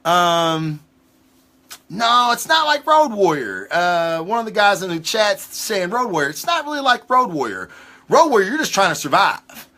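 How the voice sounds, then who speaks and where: A man hosting a casual livestream comic book review, talking in an excitable, rambling way with lots of swearing. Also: high voice, moderate pace. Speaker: comic book show host.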